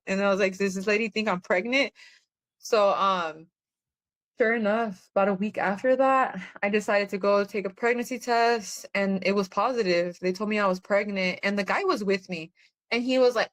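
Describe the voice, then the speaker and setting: A woman's voice: medium pitch, fairly quick. A woman guest on a podcast, telling a personal testimony in a candid, plainspoken way.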